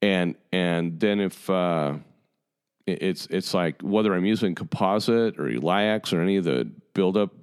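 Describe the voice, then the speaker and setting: A man in his fifties with a lowish voice, talking straight to fellow dentists. He sounds exasperated and emphatic, circling back on his words and hammering each point home in an impassioned monologue. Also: unhurried, clear, resonant tone. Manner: emphatic, exasperated, repeats himself. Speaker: dentist addressing colleagues.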